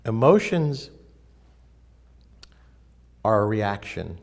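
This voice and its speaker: A man teaching in a casual spiritual talk, emphatic and animated as he tells stories. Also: on the low side, drawn-out words, vocal fry.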